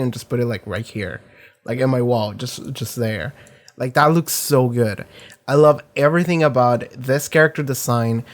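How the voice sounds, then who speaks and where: A man giving casual anime reaction commentary from a home setup, rambling excitedly with lots of fillers and swearing. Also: mid-range voice.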